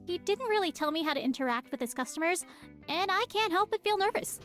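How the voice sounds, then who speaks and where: A woman's voice: very high-pitched, expressive, fast, fairly bright tone, soft background music. A woman voicing a timid young pizza-shop worker in a video game, nervous and rambling with awkward jokes.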